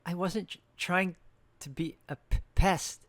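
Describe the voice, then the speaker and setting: A man's voice: fairly high pitch, animated, fairly bright tone, pitched above the performer's own voice. A man voicing a timid, tearful young woman novice nun who stammers and falters, over background music. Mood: tearful, stammering. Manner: halting, stammering, on the verge of tears.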